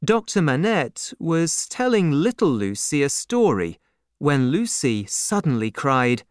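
A man narrating a story as an audiobook, with slow, expressive storytelling. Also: fairly high pitch, clean tone, no echo, studio quality.

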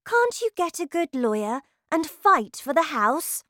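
A woman reading aloud who puts on a clever, bold little girl, speaking with eager, bright questions. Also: high-pitched, big pitch swings, unhurried, dry recording, voice pushed up, heavily acted.

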